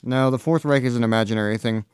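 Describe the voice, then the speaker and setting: A man's voice: mid-range voice, fast talker, smooth, dry recording. A man hosting a casual podcast, reading sports headlines with many filler uhs. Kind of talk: casual chat.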